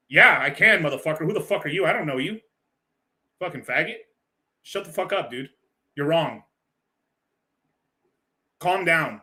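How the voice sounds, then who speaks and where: A man with a bright, slightly raised voice rambles through an off-the-cuff reaction, laughing and cursing freely. His talk is loose, full of restarts and asides. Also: fairly high pitch, animated, normal speed, pauses often. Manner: loose, rambling, laughs often, swears a lot. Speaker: stream host reacting to a clip. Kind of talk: casual profane reaction commentary.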